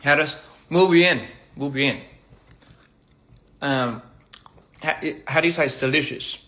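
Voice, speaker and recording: A man casually chatting on a phone livestream over a meal, halting and repeating words and laughing at his own slips. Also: a little high, sharp tone. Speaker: livestream host. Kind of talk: casual livestream chat while eating. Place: indoors at a meal table.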